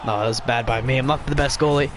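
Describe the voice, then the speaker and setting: A young man hosting a casual hockey live stream, chatting to viewers in a quick, rambling way while playing a video game. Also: mid-range voice, steady tone, background noise. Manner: rambling, quick, with fillers and restarts. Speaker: podcast host live streaming.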